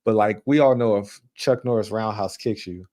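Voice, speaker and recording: A man's voice: fairly low pitch, normal speed, dark tone. A man from New York co-hosting a casual movie talk show, rambling with many restarts and filler words. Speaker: co-host. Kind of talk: casual chat.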